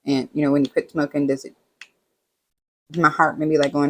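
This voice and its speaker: A woman's voice: deep voice, moderate pace, long pauses. A woman vlogger chatting casually while doing a craft at home, rambling through stories and acting out what others said. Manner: rambling storytelling, animated quoting of others. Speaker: diamond painting vlogger.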